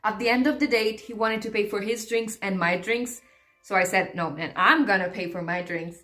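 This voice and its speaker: A woman telling a dating story in a dry, deadpan way. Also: medium pitch, moderate pace, soft background music. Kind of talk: casual storytelling.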